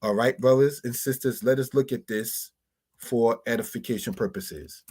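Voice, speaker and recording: A man teaching Hebrew words from slides, slowly spelling out terms and often calling his listeners brothers and sisters. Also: medium pitch, a little mellow, breathy edge. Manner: slow, deliberate spelling-out of words.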